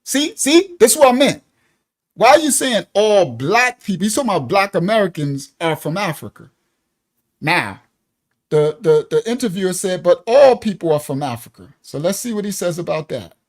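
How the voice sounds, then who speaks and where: Laughing frequently, a male live streamer gives animated, casual reaction commentary in a high voice at a moderate pace.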